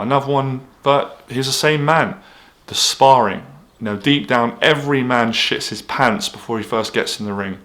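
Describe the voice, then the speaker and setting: Bloke in a vlog, blunt and sweary, middle pitch, motivational pep talk. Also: male voice, a bit bright. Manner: blunt, candid, swears freely. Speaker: anxiety coach.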